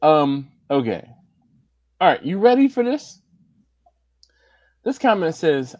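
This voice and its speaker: A man hosts a casual barbecue livestream in an animated way, his pitch leaping up and down as he laughs and reads comments aloud. He talks slowly and unhurried. The sound is close and dry, with no room around it. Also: dry recording, muffled recording. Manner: animated, laughs often, jumps into high put-on voices. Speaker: livestream host. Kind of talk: casual live-stream chat.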